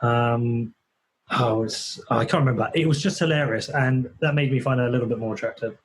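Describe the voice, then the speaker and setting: A man's voice: mid-range voice, a little fast, husky. An English man, a podcast guest, talking bluntly in casual chat, swearing and restarting his sentences often. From England.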